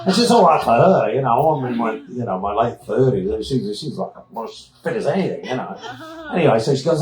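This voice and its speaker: A man's voice: mid-range voice, animated, brisk, a little mellow. An older man from Australia telling a rambling story to a live audience, with many "you know" tags. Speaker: guest speaker. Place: retreat presentation room, indoors. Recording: echoey room with a live audience.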